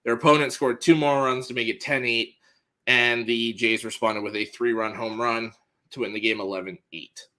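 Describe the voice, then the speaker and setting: Bright-voiced man reading sports news. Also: medium pitch, fairly even intonation, normal speed. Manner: plain, matter-of-fact delivery with fillers. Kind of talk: casual sports news rundown.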